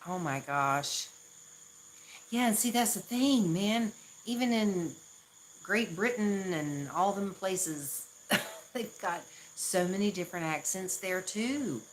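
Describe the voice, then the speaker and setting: A woman's voice: medium pitch, lively intonation, slow, slight background noise, low-quality recording. A woman from the Southern US with a Southern accent, chatting casually on a live stream, laughing often and poking fun at herself. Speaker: livestream host.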